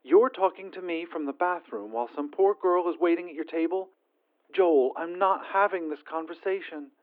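A man voicing an exasperated young woman talking to her ex on the phone, clipped and flat, through a phone filter. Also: a little high, normal speed, pitched above the performer's own voice. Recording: tinny phone-line sound.

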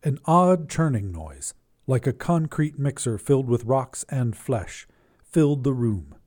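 A man hosting a flash fiction podcast, reading the story in even, measured narration. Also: mid-range voice.

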